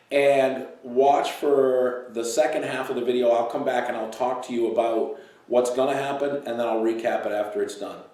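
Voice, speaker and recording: A man's voice: a little mellow, breathy edge. A middle-aged man, a dog trainer hosting his show, giving casual, joking advice on dogs and a new baby. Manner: joking, breaks into shrill impressions of owners.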